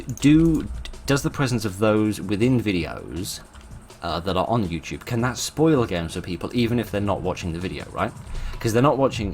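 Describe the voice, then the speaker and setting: A man hosting his channel, talking informally and thoughtfully, with many fillers and restarts. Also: deep voice. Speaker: channel host.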